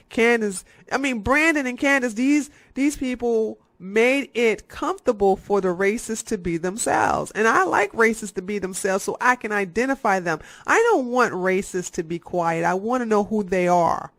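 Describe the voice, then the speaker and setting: A YouTube commentator giving satirical, ranting commentary, profane and sarcastic, firing off fast bursts of talk. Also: medium pitch, lively intonation, gravelly, a bit bright, no echo.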